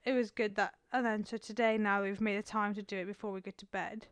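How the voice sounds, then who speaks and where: A woman's voice: medium pitch, fairly even intonation, fast talker, clear, resonant tone, dry recording. A woman co-hosting a casual home podcast from her sofa, playful and teasing but tired. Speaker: podcast co-host. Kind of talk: casual chat. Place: home living room, on a sofa. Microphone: close mic.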